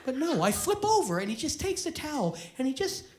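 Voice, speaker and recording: A man, a stand-up comedian telling a story loudly and profanely on stage. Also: very high-pitched, very animated, a little fast, slight background noise. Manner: loud, profane, often yelling. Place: theater stage before a live audience. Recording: live show with audience laughter.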